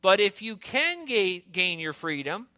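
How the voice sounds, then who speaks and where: A man preaching a sermon in an earnest, conversational way, asking rhetorical questions of a congregation in a warm indoor hall. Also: sits high, sing-song, a little slow.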